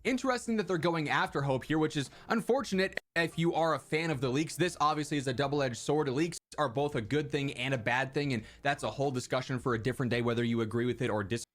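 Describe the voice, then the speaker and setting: A man delivering commentary in a brisk, measured way. He explains things steadily and moves quickly from one point to the next. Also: mid-range voice. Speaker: video commentator. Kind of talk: commentary on news.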